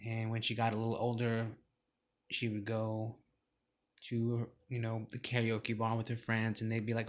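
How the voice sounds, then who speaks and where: A man giving a motivational speech in a casual, profane way, building to forceful emphasis. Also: fairly low pitch, completely flat delivery, normal speed. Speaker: motivational speaker.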